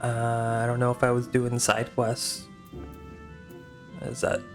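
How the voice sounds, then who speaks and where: Male game streamer chatting casually, self-mocking and unsure, mid-pitched voice, faint game music behind. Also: completely flat delivery, slow. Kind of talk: live-stream gameplay commentary.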